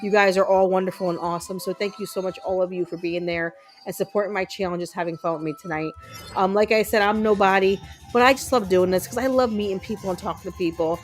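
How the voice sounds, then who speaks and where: A woman's voice: medium pitch, fairly even intonation, fast, rough recording. Chatty woman streamer, faint music behind. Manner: chatty, upbeat, many ums. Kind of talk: casual chat while gaming.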